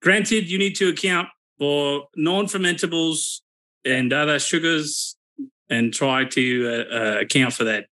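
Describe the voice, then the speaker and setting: A man co-hosting a casual podcast, talking in a halting, jokey way. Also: a little high, sharp tone. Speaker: podcast co-host.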